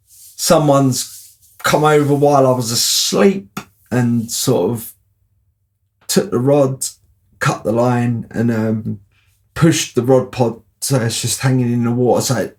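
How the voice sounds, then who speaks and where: A man spins a loose, chatty anecdote in a gravelly, mid-pitched voice. He rambles and keeps checking in with the listener. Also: darkish tone. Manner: rambling, chatty, peppered with "you know what I mean". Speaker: storyteller. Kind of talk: casual anecdote.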